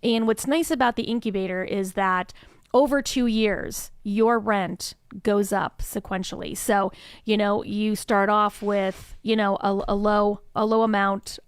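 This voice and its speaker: A woman talks through her program with a chatty, upbeat energy, leaning on "um" and "you know" as she goes. Her voice is smooth and clear, recorded dry with almost no room sound. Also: medium pitch, steady tone, unhurried, no echo. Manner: chatty and enthusiastic, frequent "um, you know" fillers. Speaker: incubator staff member, interview guest. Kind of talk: conversational interview answer.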